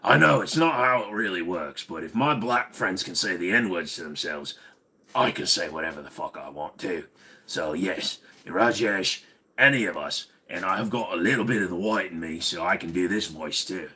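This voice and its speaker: A man hosting a casual livestream, talking bluntly and crudely, his voice tiring and going hoarse. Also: sits low, moderate pace, bright, forceful tone. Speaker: livestream host.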